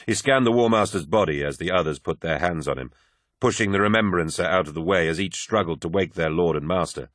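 A man narrates an epic battle story with grave, measured weight. His voice sits very low and the recording is bone dry, with no room around it. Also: a bit bright, no echo. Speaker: audiobook narrator. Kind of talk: dramatic scripted narration.

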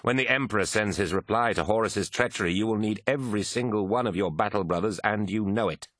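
A man voicing an ambitious, scheming male warrior who speaks in a smooth, persuasive way, in an audiobook reading. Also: on the low side, fast, fairly bright tone, no echo, studio quality, voice pushed up.

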